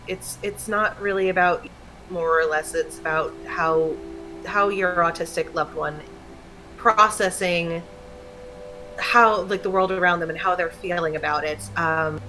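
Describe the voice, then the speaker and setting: A woman's voice: lowish voice, measured pace, bright, forceful tone, soft background music, rough recording. A woman talking candidly in a casual chat, rambling and laughing often. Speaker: stream co-host.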